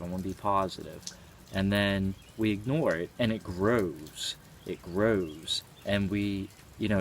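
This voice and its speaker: Twenty-something guy rambling earnestly on his vlog, lowish voice, lots of you-knows. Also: a bit bright, a little hiss or hum. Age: 20s. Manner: rambling, frequent "you know" fillers; earnest, occasional swearing. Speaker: vlogger. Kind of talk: casual reflective monologue.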